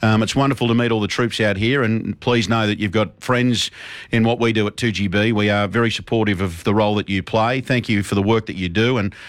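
A man's voice: lowish voice, a little fast, dry recording. A matey Australian man hosting talk radio on a studio mic. His voice is dry and close, with no room sound. He speaks in an upbeat, casual way with plenty of fillers. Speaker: radio host.

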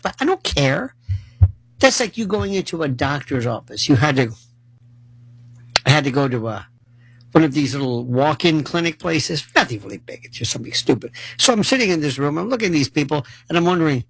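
Male commentator, sarcastic ranting monologue, gravelly voice, dry close sound. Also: a little high, fairly quick, no room sound, rough recording. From United States. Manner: sarcastic, animated, mocking voices. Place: New York City.

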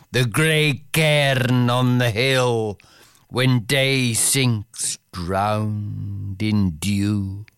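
A man reciting verse slowly and dramatically, sometimes dropping to a whisper. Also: medium pitch, clean tone, no room sound, clean studio sound. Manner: intense, declamatory, with sudden whispered passages. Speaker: poetry reciter. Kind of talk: slow dramatic poetry recitation.

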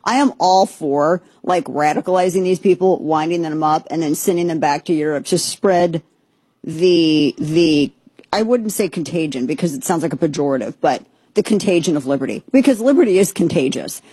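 A woman's voice: low-pitched, animated, normal speed, dark tone, slightly rough, no room sound. A woman hosting a podcast, giving chatty, sarcastic, rambling commentary. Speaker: podcast host. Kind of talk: opinionated casual commentary.

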